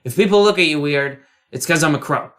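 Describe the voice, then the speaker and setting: A man voicing a sarcastic, laid-back male crow sent to help, in his own bright voice. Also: fairly high pitch, fairly quick, natural voice.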